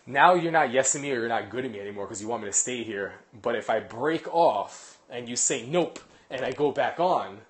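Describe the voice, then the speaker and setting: A man voicing the thoughts of a loyal male pet dog, speaking calmly as though thinking out loud. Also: medium pitch, a little fast, few pauses, close to an everyday voice. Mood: reasoning.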